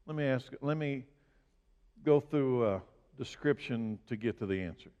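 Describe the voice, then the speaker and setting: A male pastor preaching a sermon, asking his congregation direct questions and building to emphatic, loud bursts. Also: medium pitch, moderate pace, smooth, highs cut off. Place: church sanctuary. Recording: long reverb of a large hall.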